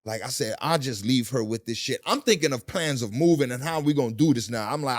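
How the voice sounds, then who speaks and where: A man's voice: mid-range voice, fast talker, hardly any pauses. A man telling his story as a guest in a casual interview, with profanity and voices he imitates. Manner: animated, profane storytelling with mimicked voices and shouting.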